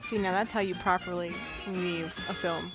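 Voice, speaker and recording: A woman's voice: on the low side, fairly even intonation, loud music behind the voice. Woman chatting with many fillers. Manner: halting, filler-heavy. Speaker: podcast co-host. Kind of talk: casual podcast chat.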